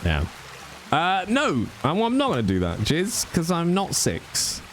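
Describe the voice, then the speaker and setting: A man's voice: medium pitch, wildly swooping pitch, takes it slowly, slight background noise. A male livestreamer chatting casually with his viewers in a teasing, mock-exasperated way. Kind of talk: casual chat with stream viewers.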